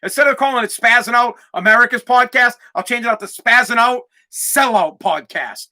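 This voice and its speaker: A man hosting his own podcast, ranting loudly and profanely in a solo monologue. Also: very high voice, brisk, hardly any pauses. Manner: loud, profane, animated rant. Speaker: podcast host.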